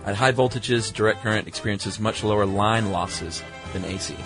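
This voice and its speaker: A man's voice: on the low side, normal speed, over music. Easygoing middle-aged male podcast host. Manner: easygoing, reads listener mail. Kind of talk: casual chat.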